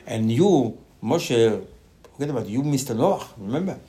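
A man giving a Torah class in animated, non-native English, often repeating his words and jumping up in pitch. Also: normal speed. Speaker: Torah teacher.

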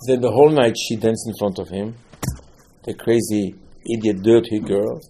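A man's voice: fairly low pitch, normal speed, warm tone, slight background noise. A man giving a sermon on scripture, telling the stories with animation, acting out the quotes and repeating key words for emphasis. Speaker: religious teacher.

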